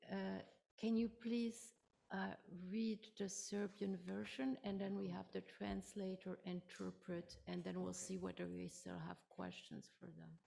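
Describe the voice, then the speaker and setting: A woman presiding over a formal hearing, giving procedural directions in a slow, level way. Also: mid-range voice, flat delivery, creaky, dark tone. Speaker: tribunal president.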